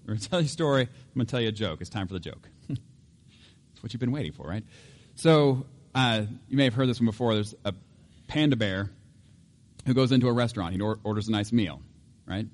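A middle-aged pastor preaching a sermon in an animated, joking way, acting out voices and laughing often. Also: male voice, fairly low pitch, fairly quick, long pauses.

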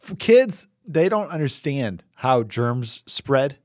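A man in his thirties co-hosts a podcast in easy, casual chat. He is animated and laughs often, and his pitch rises and falls widely as he slips into other people's voices. The sound is close and dry, with no room echo. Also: slow. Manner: animated, laughing, mimics voices when telling stories. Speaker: podcast co-host.

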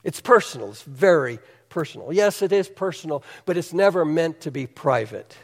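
A male pastor delivers a sermon with a high voice. He preaches in an earnest, conversational, emphatic manner, and a long reverb trails each phrase. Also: expressive, normal speed, vocal fry.

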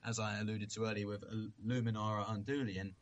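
A man's voice: lowish voice, flat delivery, quick pace, highs cut off. A man co-hosting a podcast in casual chat, earnest and thinking aloud as he talks. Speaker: podcast co-host.

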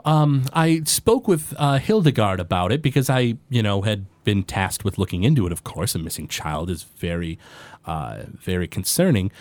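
Man playing a formal commander, low voice, lively pitch, dry close sound. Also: no echo. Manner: formal, measured, halting. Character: earnest male military commander, formal.

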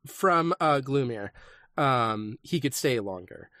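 A man's voice: medium pitch, lively intonation, takes it slowly, sharp tone, dry recording, clean studio sound. Chatty man rambling with lots of ums. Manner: rambling, hesitant, full of ums. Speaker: podcast co-host. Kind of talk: casual chat retelling a saga.

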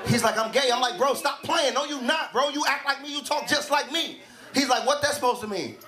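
A man performing a stand-up comedy set, telling an animated story and acting out both sides of a conversation. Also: extremely high pitch, a little fast, background noise. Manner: animated storytelling, acts out dialogue. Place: comedy club stage. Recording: live club set with loud crowd laughter. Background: audience laughing loudly.

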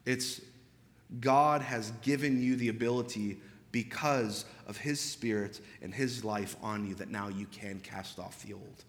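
A young man preaching a sermon as pastor, in a conversational style with animated storytelling and quick asides. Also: lowish voice, long reverb tail. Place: church sanctuary.

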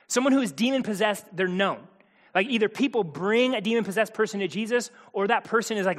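A man's voice: high voice, fairly bright tone, big-room sound. A man preaching a sermon from a church stage, conversational and explanatory, with joking asides. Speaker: pastor.

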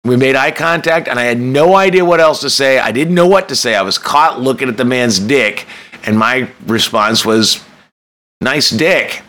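A man's voice: mid-range voice, moderate pace, a bit bright. A man telling a candid, self-mocking personal story, swearing freely and breaking into sudden emphatic bursts.

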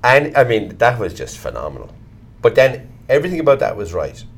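A middle-aged Irish actor being interviewed, talking bluntly and swearing casually as he tells animated stories. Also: medium pitch, brisk, vocal fry, slight background noise. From Ireland. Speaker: actor, guest. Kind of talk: candid conversational interview.

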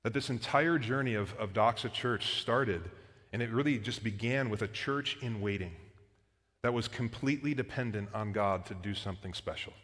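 A man's voice: on the low side, normal speed, fairly bright tone. A man in his thirties, a pastor preaching a sermon in a casual storytelling way with frequent fillers. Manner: conversational, storytelling with filler words. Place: church auditorium. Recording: long hall reverb.

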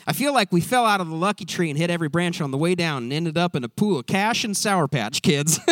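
Brief: a man putting on a bright, cheery Southern-accented coach, folksy one-liners, voice lifted high. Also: animated, quick pace, dry recording. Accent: American Southern, put on. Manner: cheerful, homespun sayings.

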